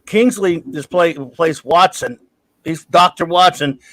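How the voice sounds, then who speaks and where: A man's voice: a little high, unhurried, fairly bright tone, low-quality recording. A man chatting as a guest about films, eagerly recommending a favourite. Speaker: guest on a review show. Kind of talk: casual film chat.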